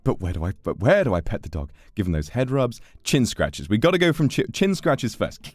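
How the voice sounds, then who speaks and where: Deep-voiced playful man streaming. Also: very animated, a little fast, no echo, studio quality. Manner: playful, reads game text aloud and jokes. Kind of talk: casual gaming commentary.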